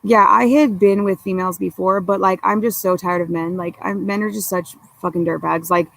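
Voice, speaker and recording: A woman's voice: mid-range voice, steady tone, a little fast, creaky, low-quality recording. A young woman guest on a podcast, telling stories in a blunt, profane, rambling way full of fillers. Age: young adult. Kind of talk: casual storytelling chat.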